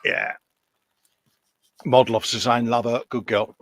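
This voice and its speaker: A man's voice: medium pitch, steady tone, measured pace, vocal fry, dry recording. A man in his fifties chatting casually on a live stream, self-mocking and jokey, calling everyone mate. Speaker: co-host.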